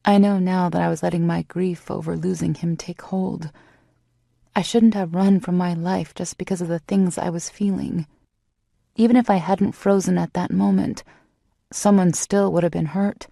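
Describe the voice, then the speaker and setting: A woman narrating a first-person romance audiobook in a calm, reflective way. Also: on the low side, creaky, no room sound, studio quality.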